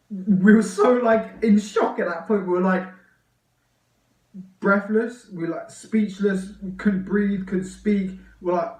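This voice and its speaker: A young man excitedly telling a long personal story on his vlog, rambling with lots of fillers. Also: high-pitched, measured pace, echoey room, recorded from a distance, rough recording. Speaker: vlogger.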